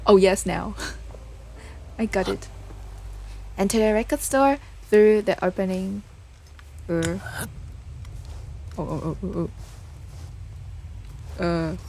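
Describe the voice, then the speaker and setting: A woman's voice: medium pitch, slow pace, gravelly, long pauses, darkish tone, a little hiss or hum. A woman streamer giving casual, hesitant commentary while playing a game, mumbling with many fillers.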